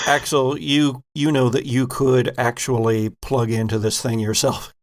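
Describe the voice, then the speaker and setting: A man narrating as game master in a tabletop horror game, describing scenes haltingly with many self-corrections. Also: mid-range voice, level tone.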